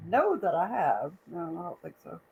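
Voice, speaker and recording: A woman's voice: fairly low pitch, big pitch swings, normal speed, creaky, breathy edge, narrow, tinny audio. A woman on a podcast chat, reacting with shocked interjections. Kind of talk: casual chat.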